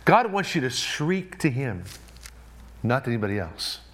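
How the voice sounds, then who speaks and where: A man preaching a sermon as pastor, emphatic, swelling to loud peaks and dropping to low, soft endings, repeating key words for emphasis. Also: sing-song, normal speed.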